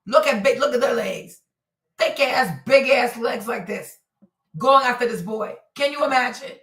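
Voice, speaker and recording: A woman hosting a commentary show, talking emphatically with lots of repetition and exclamation, her voice going hoarse. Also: on the high side, expressive, moderate pace, fairly bright tone. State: losing her voice. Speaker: host. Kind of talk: commentary on a criminal case. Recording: echoey room, far from mic.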